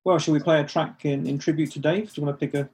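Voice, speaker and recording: Husky man asking hesitant questions. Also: a little high, steady tone, very fast, a little mellow. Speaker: radio host. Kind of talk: radio interview.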